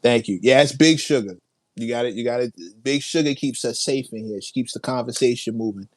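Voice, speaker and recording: A man's voice: medium pitch, fairly quick, dry recording. A man hosting a casual livestream, reacting to viewer comments with hyped, laughing energy, playful slang and lots of repeated phrases. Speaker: livestream host.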